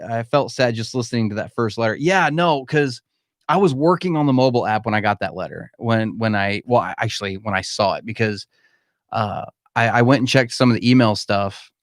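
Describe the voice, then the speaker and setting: A man's voice: mid-range voice, expressive, a little fast, no room sound, studio quality. Candid man hosting a live Q&A. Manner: candid, emphatic, calls listeners "man". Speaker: podcast host. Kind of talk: live-stream Q&A chat. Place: home room.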